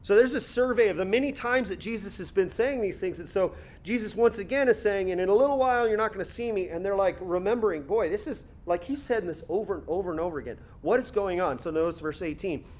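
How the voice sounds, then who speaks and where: A man preaching an expository sermon, reading scripture aloud and then explaining it in a conversational way, slowing down to stress key words. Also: high voice, a little mellow. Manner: slows down and stretches words for emphasis.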